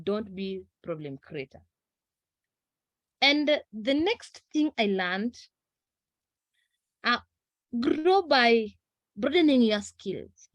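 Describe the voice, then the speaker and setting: Slow-talking woman with a dry sound. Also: on the high side, sing-song, no echo. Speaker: audience participant. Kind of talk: casual recap.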